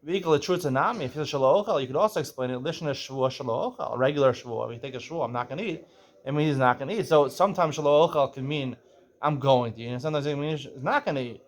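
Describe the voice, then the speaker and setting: A man's voice: on the high side, quick pace. Man explaining a Talmud page. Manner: reads Aramaic then explains in English, asks "right?" often; clears throat now and then. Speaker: Talmud teacher.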